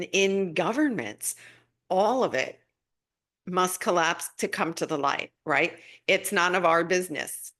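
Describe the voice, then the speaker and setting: A middle-aged woman hosting a spiritual live stream, chatting casually and answering viewer comments with gushing enthusiasm. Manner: warm, gushing, breaks into excited high-pitched asides. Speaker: spiritual guidance host.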